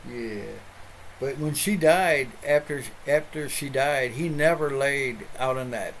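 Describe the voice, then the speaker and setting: A man's voice: mid-range voice, takes it slowly, a bit bright, slight background noise, low-quality recording. A middle-aged man, a pastor hosting an online show, telling a rambling story in casual chat with many restarts.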